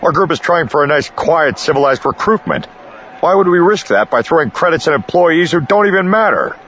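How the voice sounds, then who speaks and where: A man voicing a blunt, gruff male smuggler who answers in terse, growling comebacks. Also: a little high, expressive, brisk, a bit bright, muffled recording, a little hiss or hum, voice pushed up.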